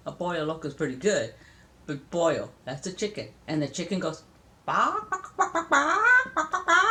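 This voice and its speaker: Older woman, grandmother teaching a grandchild, playful and chatty, lively swooping pitch, laughs easily. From Southern California. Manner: playful, chatty, laughs often, imitates animal sounds. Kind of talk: casual spoken lesson to a child.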